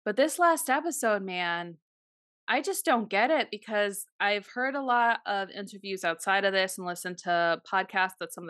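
A woman co-hosting a casual podcast, her voice bright and forceful, recorded dry and close. She talks in an animated way, swears freely and acts out other people's quotes. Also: mid-range voice, dry recording. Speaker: podcast co-host. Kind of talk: casual chat.

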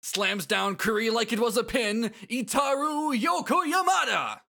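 Player putting on a booming, stretched-out ringside announcer. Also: animated, gravelly, pushed and bright, exaggerated voice. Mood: announcing. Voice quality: slow and drawn out. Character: theatrical male game announcer.

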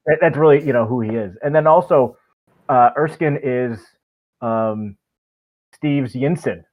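A man's voice: medium pitch, a little slow, darkish tone. A man co-hosting a casual podcast chat, talking in a rambling, enthusiastic way with many fillers. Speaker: podcast co-host. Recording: tinny phone-like line.

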